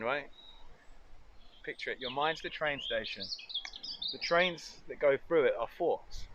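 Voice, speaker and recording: Cooking outside in nature for his foraging vlog, a man keeps up cheerful, chatty talk and thinks out loud. His mid-range voice has a sharp tone, and the muffled recording carries a little hiss or hum.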